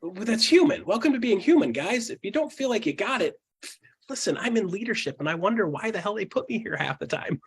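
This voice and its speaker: Husky, energetic male seminar speaker. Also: high voice, quick pace. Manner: energetic, blunt and profane, laughs often, keeps asking "right?". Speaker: real estate trainer presenting to agents. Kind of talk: live seminar talk to an audience.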